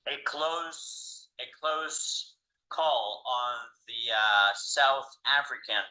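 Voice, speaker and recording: Bright-voiced Nicaraguan man. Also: medium pitch, extremely slow, rough recording. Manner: chatty, laughs at himself, fillers. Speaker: student reading aloud. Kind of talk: reading aloud then casual chat.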